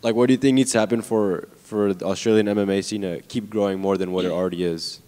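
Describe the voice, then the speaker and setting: A male reporter with a very low voice firing off questions at a quick clip. A long reverb trails each phrase in the press room. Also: fairly even intonation, warm tone.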